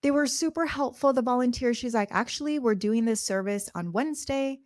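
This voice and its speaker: A young adult woman hosting a podcast, telling a personal story at home in a casual, animated way with many fillers. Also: fairly high pitch, fairly quick, no room sound, studio quality. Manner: animated, chatty, lots of "like" fillers. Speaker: podcast host.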